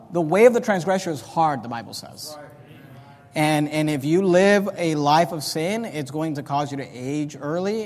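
A male pastor preaching a sermon, reading scripture slowly and swinging from quiet asides to loud, fervent passages. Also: fairly high pitch, long reverb tail. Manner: reads scripture slowly in King James wording.

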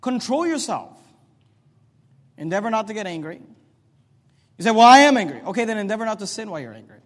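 A man preaching a sermon as pastor. He swings between loud, emphatic peaks and quiet, teaching passages. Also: high voice, very animated, fairly quick, in a large hall.

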